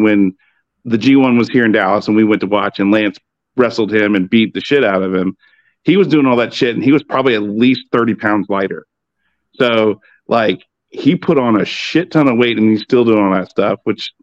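A man's voice: mid-range voice, no room sound, muffled recording. A man joining a casual wrestling chat who explains things in a laid-back, profane way. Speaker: podcast guest on wrestling.

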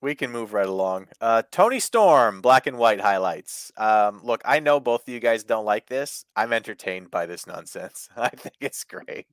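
Profane, animated wrestling podcast man. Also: lowish voice, moderate pace, few pauses, dry recording, clean studio sound. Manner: profane, animated, laughs often. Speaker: podcast host. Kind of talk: casual wrestling review chat.

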